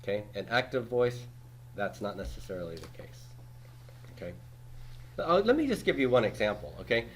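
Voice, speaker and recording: A man's voice: lowish voice, very animated, normal speed, a little hiss or hum. A man in his forties teaching a Greek grammar class, patiently explaining and checking in with students with "okay?" and "right?". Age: 40s. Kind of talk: classroom lecture.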